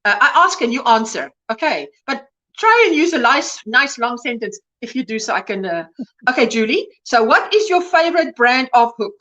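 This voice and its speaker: A woman's voice: a little high, expressive, normal speed, bright, forceful tone, rough recording. A woman hosting a casual crochet livestream, talking in a gushing, enthusiastic, chatty way.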